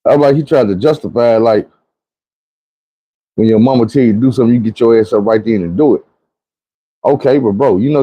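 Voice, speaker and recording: A man's voice: medium pitch, no room sound, lo-fi sound. A man, telling a personal story in a conversational, emphatic way. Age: 40s. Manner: conversational, emphatic, repeats "you know what I'm saying".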